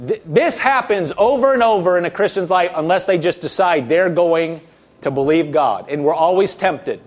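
A man preaching a sermon, reading verses aloud and briefly mimicking the complaining people in a whiny voice. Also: sits high. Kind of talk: expository sermon reading scripture.

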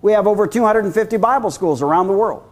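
Male preacher, high voice, animated storyteller who acts out voices. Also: fast. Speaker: guest preacher. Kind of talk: sermon.

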